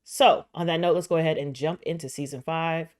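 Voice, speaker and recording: A woman hosting a reaction video, casually recapping a show with slang, swearing and pauses to search for words. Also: sits low, steady tone, a little mellow.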